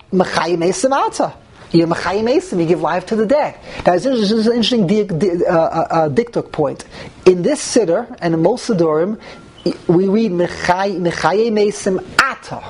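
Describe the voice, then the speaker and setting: A woman leads a religious text class in a mid-pitched voice, working through each point out loud. She keeps posing rhetorical questions and then answering them herself. There is a faint hum in the background. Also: poor audio. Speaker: teacher.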